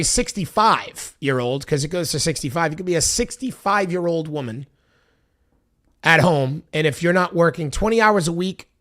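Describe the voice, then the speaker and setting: A man with a slightly higher voice than most men walks through a bill out loud on his stream. He reads the text, then drops into casual, filler-heavy asides to his viewers. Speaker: political commentary streamer.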